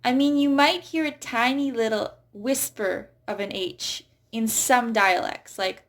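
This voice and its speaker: A woman teaching English pronunciation, saying example words slowly and carefully. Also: fairly high pitch, expressive. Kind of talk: pronunciation lesson.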